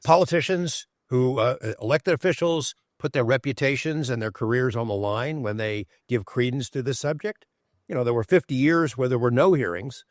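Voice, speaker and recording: A man co-hosting a podcast, discussing in a measured way with emphatic rhetorical questions. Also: medium pitch, dry recording, clean studio sound. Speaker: podcast co-host. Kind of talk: analytical discussion.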